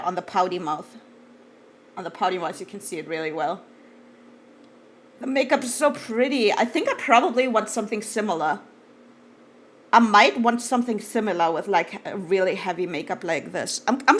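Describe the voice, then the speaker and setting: A woman streaming live, chatting casually and gushing excitedly, swearing freely and trailing off into fillers. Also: mid-range voice, a little hiss or hum.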